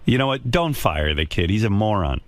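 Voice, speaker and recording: A man's voice: lowish voice, moderate pace, no room sound. A man hosting a radio talk show, with a sardonic, mocking way of talking in casual banter. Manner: sardonic, mocking, animated delivery.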